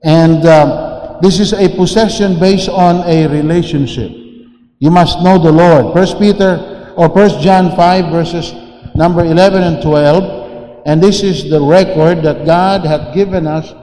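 A man preaching a sermon slowly, often restarting and repeating phrases, heard in an echoey hall. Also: on the high side, steady tone, dark tone. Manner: slow, repetitive, with many restarts and fillers. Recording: echoey hall with long reverb.

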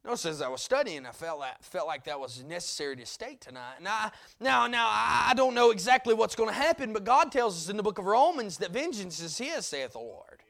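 A male preacher delivering a sermon, dropping to a hush and then rising to loud emphasis, repeating key words for weight. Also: high voice, lively intonation, fairly quick, gravelly, few pauses.

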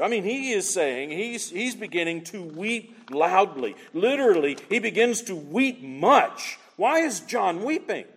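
High-voiced animated preacher man. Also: slightly rough, long reverb tail. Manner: animated, emphatic preaching with repeated rhetorical questions. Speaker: pastor. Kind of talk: sermon.

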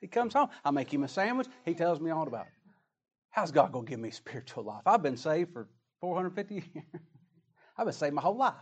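A man's voice: fairly high pitch, very animated, brisk, breathy edge. A man putting on a smug scoffing old woman. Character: smug elderly woman, prophet's wife, scoffing.

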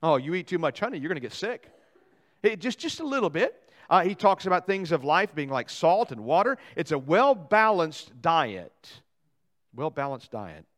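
A pastor preaching a sermon in a church, with folksy jokes and asides to the congregation and a delivery that swings from loud to quiet. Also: male voice, high voice, sing-song, brisk. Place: church sanctuary.

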